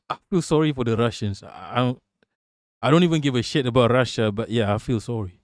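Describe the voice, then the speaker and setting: A man's voice: medium pitch, brisk, no echo, studio quality. A man hosting a casual political livestream, talking bluntly and profanely and laughing as he reacts to chat. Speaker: livestream host.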